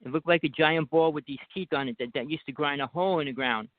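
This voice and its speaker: A man with a New Jersey accent rambles on as a caller, insistent and hard to stop. His slightly high voice comes through a narrow, tinny phone line with a dry sound and no room echo. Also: fast talker. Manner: rambling, insistent, talks over others. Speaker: guest caller. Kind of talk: casual talk show chat.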